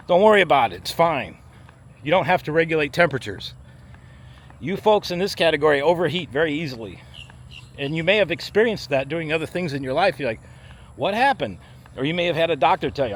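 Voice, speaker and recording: A man, a firefighter paramedic, talking bluntly and emphatically to camera on a walk-and-talk vlog outdoors. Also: on the high side. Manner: blunt, emphatic, acts out body parts in voices. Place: outdoors in a theme park area. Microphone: handheld camera while walking. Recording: faint street and traffic noise outside.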